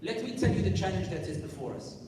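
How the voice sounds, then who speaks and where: A man's voice: high-pitched, very animated, quick pace, darkish tone, slight background noise. A man giving an emphatic live talk at a youth conference, firing off rhetorical questions and directing the crowd. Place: large conference hall. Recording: echoey hall from far off.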